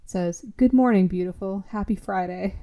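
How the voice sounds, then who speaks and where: A woman's voice: mid-range voice, moderate pace, dark tone. A woman chatting casually as a podcast co-host, telling a story with lots of laughter and swearing. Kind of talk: casual chat.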